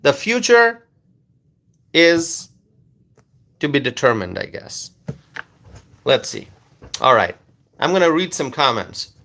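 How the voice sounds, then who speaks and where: A man talks straight into his phone on a live stream, his pitch sitting mid-range but swinging widely as he presses a point. He repeats himself for emphasis and fires off rhetorical questions. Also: huge pitch swings, slow pace, creaky, long pauses, fairly bright tone.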